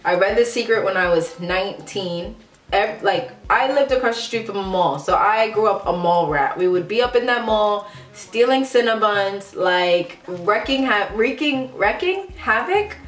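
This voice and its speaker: A woman's voice: mid-range voice, animated, unhurried. Young woman vlogger, chatty and frank, mid-range voice, roomy echo. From United States, Ghanaian family. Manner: chatty and candid, many "like" fillers. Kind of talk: casual confessional vlog. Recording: roomy echo, faint background music.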